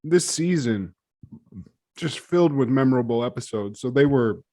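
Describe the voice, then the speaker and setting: A man co-hosting a podcast in loose casual chat, retelling scenes in a profane, animated way. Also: medium pitch, normal speed. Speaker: podcast co-host.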